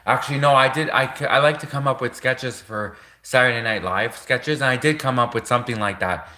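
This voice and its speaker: A man's voice: mid-range voice, a little fast, pushed and bright. A young man rambling through a casual livestream monologue, packing his talk with fillers and laughing often. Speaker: livestream host.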